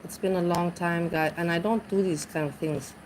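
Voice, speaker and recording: Rambling low-voiced woman streamer. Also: fairly even intonation, moderate pace, slight background noise, low-quality recording. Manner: rambling, searches for words, restarts often. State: intoxicated. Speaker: livestreamer reading chat. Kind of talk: casual livestream chat.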